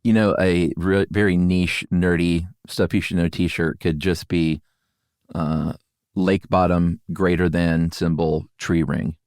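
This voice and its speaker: Deep-voiced man co-hosting a podcast. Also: slow pace, clean tone, no echo, studio quality. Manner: relaxed, laughs often, many fillers. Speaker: podcast co-host. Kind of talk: casual conversational podcast chat.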